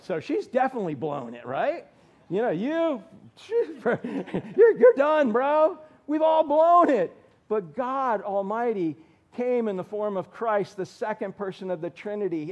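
Animated high-voiced man preaching. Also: lo-fi sound. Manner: animated, calls on listeners by name, asks the room questions. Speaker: pastor. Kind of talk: sermon.

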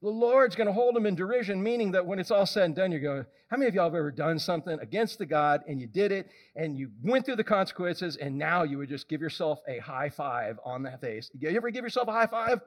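Guy preaching w a pretty high voice, chatty, keeps throwing questions at the crowd. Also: fast, hardly any pauses. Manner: animated and conversational, questions the congregation directly. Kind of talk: sermon.

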